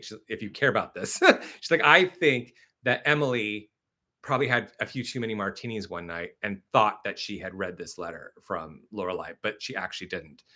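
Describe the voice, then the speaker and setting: Bright-voiced chatty male streamer. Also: medium pitch. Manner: chatty, animated storytelling with many fillers; reads and answers viewer comments. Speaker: live stream host. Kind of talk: casual live stream chat.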